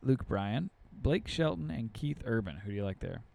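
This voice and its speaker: A man's voice: medium pitch, lively intonation, moderate pace, gravelly, darkish tone. A man hosting a casual podcast chat, easygoing, laughing often and running through lists of nominees. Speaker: podcast host.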